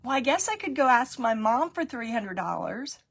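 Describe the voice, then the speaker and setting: A woman's voice: a little high, sing-song, normal speed, vocal fry, slightly rough. A middle-aged woman telling casual stories while she paints, chatty and laughing at her own pranks. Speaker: crafting tutorial host.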